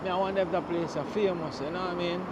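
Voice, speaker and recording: A man with a Jamaican accent, narrating a walking tour outdoors on a town street, chatty and full of patois shout-outs. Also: high voice, steady tone, fast, noisy background.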